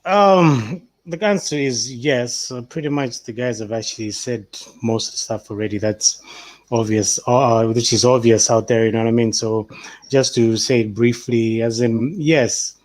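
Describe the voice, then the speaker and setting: A man from Malawi on a casual podcast panel, speaking in a measured, conversational way and often asking "you know what I mean". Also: mid-range voice, darkish tone.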